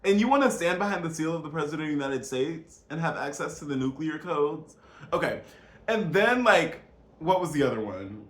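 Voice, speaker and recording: A man with a slightly high voice rants to his viewers in a casual vlog, incredulous and emphatic. He talks straight to the audience. The room around him is echoey. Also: lively intonation, fairly quick, a bit bright. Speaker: vlogger. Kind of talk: casual political rant to camera.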